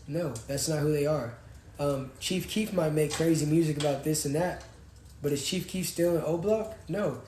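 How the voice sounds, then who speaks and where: A young man, co-hosting a casual live-stream chat in an animated, slangy way. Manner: animated, slangy, jumps from loud to low. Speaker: podcast co-host. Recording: roomy echo, faint noise.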